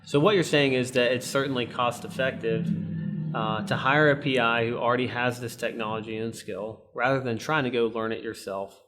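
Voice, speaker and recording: A man interviewing an attorney, politely summarizing her points with a slightly halting delivery. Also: mid-range voice, fairly even intonation, over loud music. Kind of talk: professional interview.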